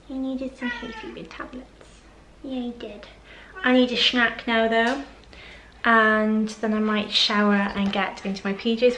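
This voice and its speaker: A woman's voice: on the high side, noisy background. Chatty young woman vlogging. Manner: chatty, giggly, rambling with asides. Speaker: lifestyle vlogger. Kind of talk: casual chatty haul vlog. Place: home living room, on the sofa.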